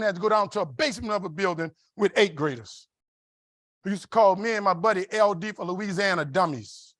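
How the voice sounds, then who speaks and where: A man with a New Orleans accent delivering an after-dinner keynote, his voice high for a man and full of rhythm as he repeats phrases for effect. He storytells with a preacher-like drive and a laugh never far off. The sound is close and dry. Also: no echo. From New Orleans, USA. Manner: animated, rhythmic and repetitive, with laughs. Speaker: keynote speaker. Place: conference dinner hall.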